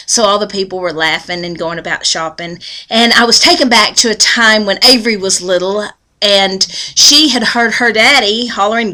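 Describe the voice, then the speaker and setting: A woman's voice: on the high side, normal speed, pushed and bright. A woman giving a devotional talk that mixes folksy storytelling with earnest preaching. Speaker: devotional speaker.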